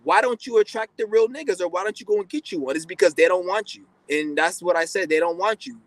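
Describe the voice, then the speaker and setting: A man's voice: sits high, quick pace, no room sound, poor audio. A man giving a blunt, profane, rambling casual monologue as a podcast host.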